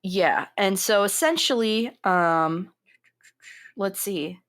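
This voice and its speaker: A woman's voice: medium pitch, takes it slowly. A young adult woman co-hosting a film podcast, talking casually with lots of filler words. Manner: chatty, animated, lots of fillers. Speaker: podcast co-host. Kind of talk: casual chat.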